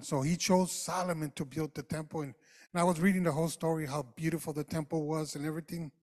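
A man preaching a sermon, praying and then speaking passionately to the congregation, rising at times to shouts. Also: on the high side, steady tone, fast talker. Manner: addresses the congregation directly.

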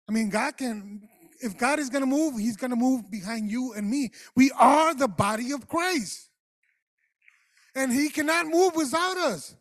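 A man with a strikingly high voice preaches to his congregation. He talks straight to the people in front of him and builds to impassioned shouts. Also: moderate pace. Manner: passionate, rising to shouts; addresses the congregation directly. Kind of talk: sermon.

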